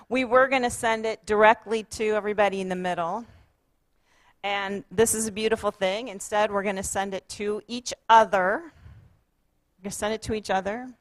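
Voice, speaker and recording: A woman's voice: medium pitch, dry recording. A woman pastor preaching a sermon, encouraging her congregation and leading them in repeated chanted affirmations. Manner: warm, encouraging, leads call-and-response chanting. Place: church sanctuary.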